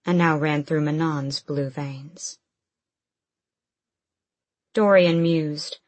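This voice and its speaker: A woman narrating a fantasy audiobook in an even, measured way. Her voice is low and breathy, she reads slowly, and the sound is dry and close. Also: dry recording.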